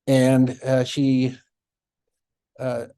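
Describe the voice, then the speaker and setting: A middle-aged man, a former child welfare caseworker, telling stories in a conference talk, reflective, with soft laughs and restarts. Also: medium pitch, monotone, extremely slow, clean tone.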